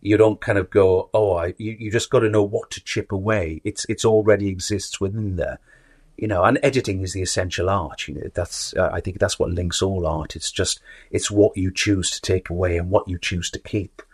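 A man's voice: sits low, steady tone, normal speed, breathy edge, no room sound, clean studio sound. A middle-aged man speaking in a conversational interview, thoughtful and rambling, with frequent restarts. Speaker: guest, actor and author.

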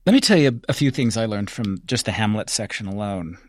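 A man's voice: on the low side, animated, a little fast, no room sound. A man hosting an interview, introducing his guest and asking long questions in a friendly, chatty way. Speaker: interviewer, host.

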